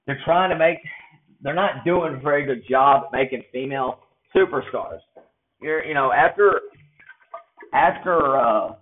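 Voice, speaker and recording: A man giving blunt, rambling wrestling predictions in a casual monologue, often restarting his sentences. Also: mid-range voice. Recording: tinny phone-like audio.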